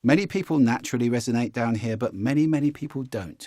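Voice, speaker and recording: A male voice coach gives a spoken lesson, speaking fast and frequently shifting his voice to demonstrate pitch changes in an animated way. The recording is clean studio sound with no echo.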